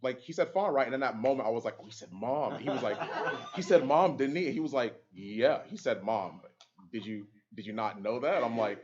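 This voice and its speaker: Brief: quick chatty male caster, lots of ums, dull lo-fi audio. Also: mid-range voice, expressive. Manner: fast, laughing storyteller with many fillers. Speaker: esports caster and panelist. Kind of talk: casual panel chat.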